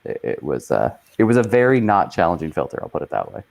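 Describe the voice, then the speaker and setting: Male brewer guest, very deep voice, relaxed and halting, lots of restarts. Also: gravelly, no echo. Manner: halting, restarts often, laid-back. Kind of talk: casual podcast chat.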